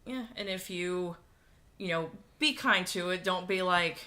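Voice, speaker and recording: A woman with a bright, forceful tone but a fairly low voice, co-hosting a relaxed livestream. She gives practical advice in an easygoing way and laughs often. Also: unhurried. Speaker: co-host. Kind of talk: casual chat.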